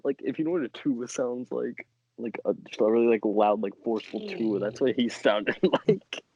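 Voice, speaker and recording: A man's voice: medium pitch, normal speed, darkish tone, husky, dry recording. Young man, podcast co-host, rambling crude anecdote, dry close sound, dull lo-fi mic. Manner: rambling, laughing, crude storytelling. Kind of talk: casual storytelling chat.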